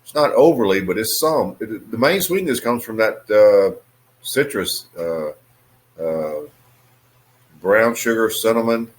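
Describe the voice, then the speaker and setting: A man casually reviewing a cigar on his video channel, in a relaxed, musing way with many fillers. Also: on the low side, a little slow.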